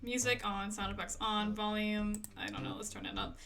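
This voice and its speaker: Her medium-pitched voice is creaky and a bit bright, with fairly even intonation at a moderate pace. A young woman streaming a game, she rambles chattily to viewers, giggling and talking to herself as she adjusts settings.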